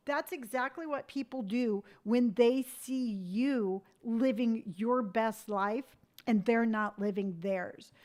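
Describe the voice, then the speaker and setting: A woman in her fifties with a fairly high voice talks straight to her livestream viewers. She sounds earnest and animated, slipping into other people's voices to act out their remarks. Her encouragement comes with a firm, tough-love edge. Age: 50s. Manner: tough-love pep talk. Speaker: livestream host. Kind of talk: motivational livestream chat.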